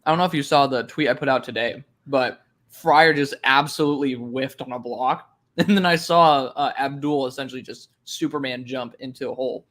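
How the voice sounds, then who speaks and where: A young man co-hosting a casual chat, excitable, laughing often and swearing casually. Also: medium pitch, brisk. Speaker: co-host.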